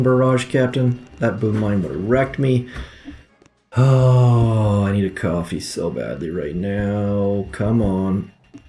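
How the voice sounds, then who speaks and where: Young man, lowish voice, casual gameplay commentary, frustrated self-deprecating mutters, faint background hum. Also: mellow. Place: home room.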